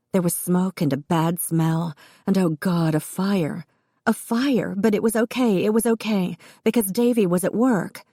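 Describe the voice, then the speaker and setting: A woman narrating an audiobook in a steady, expressive reading. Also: low-pitched, no echo, clean studio sound. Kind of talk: scripted narration.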